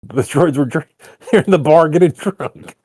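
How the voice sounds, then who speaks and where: A man's voice: fairly high pitch, moderate pace, a little mellow, husky, dry recording. A man co-hosting a casual podcast, talking in an easygoing way that trails off and hedges often. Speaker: podcast co-host. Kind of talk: casual chat.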